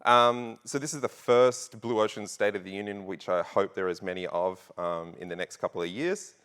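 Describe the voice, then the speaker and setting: Deep-voiced Australian man on stage. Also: normal speed, a bit bright, clean tone. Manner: jokey, audience-rousing, frequent fillers. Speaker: conference speaker. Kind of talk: conference keynote talk. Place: large conference hall.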